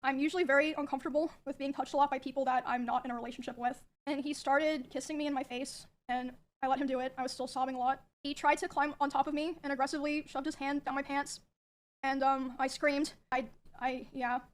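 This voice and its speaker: Young woman, high and flat voice, fast subdued personal testimony. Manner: quick, flat and subdued, with hesitations. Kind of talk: recounting a personal account on camera.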